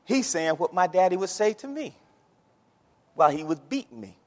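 A male pastor preaches in a folksy, storytelling way, weaving homespun asides into his sermon. His voice sits a little high for a man. The sound carries a long hall reverb, as from a church sanctuary. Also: sing-song, normal speed, pauses often.

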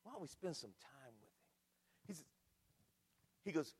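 An older man preaching a sermon in a church, animated, full of rhetorical questions and repetition. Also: a little high, unhurried, husky, in a large hall. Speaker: pastor. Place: church sanctuary.

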